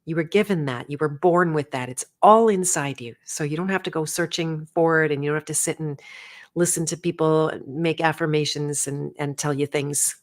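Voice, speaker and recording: Low-voiced woman hosting a livestream. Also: steady tone, normal speed. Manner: rambling, warm-hearted, with self-corrections. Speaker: livestream host and coach. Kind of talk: casual livestream chat.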